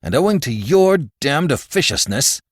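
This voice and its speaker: A man voicing an irate, wealthy older father-in-law who splutters and shouts in high-pitched outbursts. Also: expressive, normal speed, no echo, studio quality. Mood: bitter.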